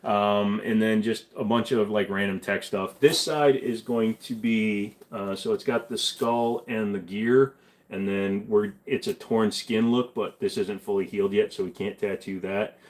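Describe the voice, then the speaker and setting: A man's voice: on the low side, steady tone, a little slow. Blunt, profane man live-streaming. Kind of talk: casual live stream chat reading comments.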